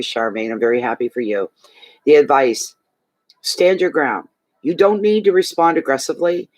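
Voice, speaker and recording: A man's voice: mid-range voice, dry recording, low-quality recording. A man giving a tarot card reading to a client, speaking emphatically and repeating key phrases to reassure her. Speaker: tarot reader.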